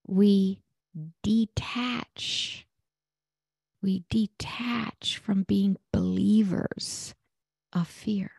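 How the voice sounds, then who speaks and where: A woman hosting a prayer podcast, giving spiritual teaching and leading a guided prayer in a soft, often half-whispered, meditative and conversational way. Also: medium pitch, gravelly, slightly rough, dry recording, clean studio sound. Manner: conversational with fillers, storytelling.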